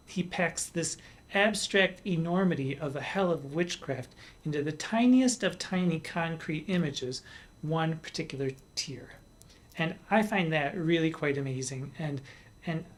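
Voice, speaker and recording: A man's voice: on the high side, fairly bright tone. Wry, playful man hosting a poetry show. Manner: wry, playful, cheeky asides. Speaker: drag performer hosting a poetry podcast. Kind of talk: literary commentary podcast.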